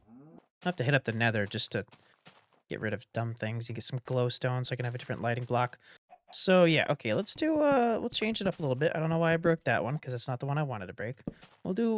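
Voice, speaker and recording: A man thinking aloud in casual commentary as he builds in a block-building game, rambling and trailing off between ideas. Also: a little high. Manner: rambling, thinks aloud while building, hums doop sounds. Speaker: gameplay commentator.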